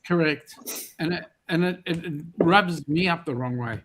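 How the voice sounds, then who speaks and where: A man's voice: on the high side, moderate pace, a bit bright. A man with an Australian accent, joking around in casual chat on a video-call stream. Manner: playful, jokey.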